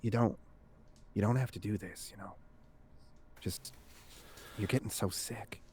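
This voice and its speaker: A man voicing a gentle, worried husband who speaks softly and hesitantly. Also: on the low side, fairly even intonation, unhurried, slight background noise, close to an everyday voice.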